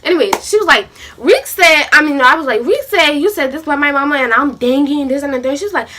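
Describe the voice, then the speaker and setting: A young woman vlogging a storytime, animated and acting out both sides of an argument. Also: high voice, quick pace, few pauses. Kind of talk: storytime vlog.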